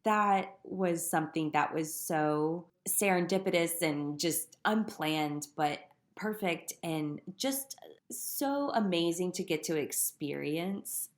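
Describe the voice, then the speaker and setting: A woman speaks in a low, grounded voice. She tells her own story on a podcast with earnest, reflective care. When a memory excites her, laughter breaks through. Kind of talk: personal storytelling in casual chat.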